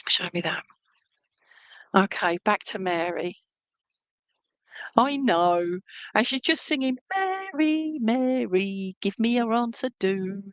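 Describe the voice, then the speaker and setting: A woman's voice: mid-range voice, a bit bright, no echo, poor audio. A woman giving an online clairvoyant reading as a medium, chatty and reassuring, often checking in with her listener. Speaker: spiritualist medium.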